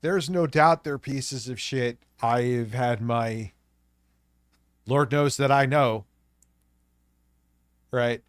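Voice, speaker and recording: A man's voice: mid-range voice, drawn-out words, pauses often, clean tone, dry recording. Stuffy-voiced male co-host, blunt and mocking, dry sound. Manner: blunt, mocking, swears a lot. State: stuffy from a cold. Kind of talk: profane casual commentary.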